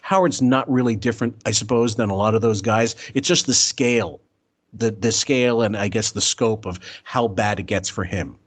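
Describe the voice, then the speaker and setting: A man co-host on a casual podcast who tells a rambling story and keeps restarting. His voice is lowish and a bit husky. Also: normal speed. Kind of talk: casual podcast chat and anecdote.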